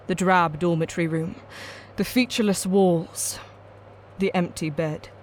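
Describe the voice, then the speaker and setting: A woman reading a dark science-fiction short story as scripted narration, measured and somber. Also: lowish voice, steady tone, a little hiss or hum.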